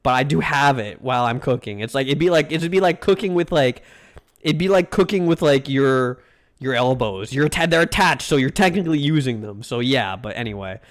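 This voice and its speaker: A man's voice: mid-range voice, expressive. A man streaming live, reacting to food pictures and chatting with viewers in a rambling, crude, joking way. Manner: rambling, crude jokey banter, drawn-out food names. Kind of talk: casual live-stream chat.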